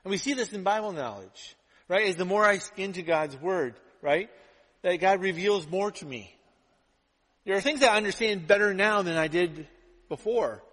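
A male pastor preaching a sermon, telling stories with lively acted-out quotes. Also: sits high, normal speed. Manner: animated storytelling, acts out quotes. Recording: long hall reverb.

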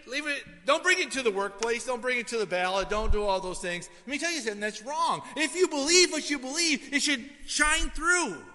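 A man with a high, very bright and sharp voice preaches to his congregation. He talks casually and keeps checking in with "right?", then drops to a murmur for stories and rises to loud, punchy emphasis. A long hall echo trails each phrase. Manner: conversational preaching, frequent "right?" asides, swings from hushed to loud. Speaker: pastor. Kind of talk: sermon. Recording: hall reverb.

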